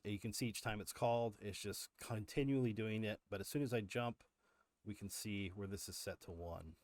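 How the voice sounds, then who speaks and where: Male streamer, lowish voice, casual explainer with ums and restarts, dry close mic. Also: no room sound. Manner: explanatory, frequent fillers and restarts. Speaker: livestream host. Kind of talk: live coding walkthrough.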